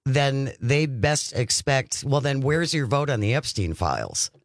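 A man with a lively, swinging pitch makes pointed, emphatic political arguments on a podcast. His voice is close and dry. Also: a little slow, dry recording. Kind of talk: political discussion.

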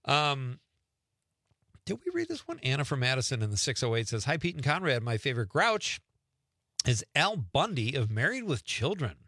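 A man's voice: medium pitch, wildly swooping pitch, moderate pace, bright, forceful tone, dry recording, clean studio sound. A middle-aged man, hosting a radio talk show and chatting casually as he reads listener texts aloud. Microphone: studio microphone.

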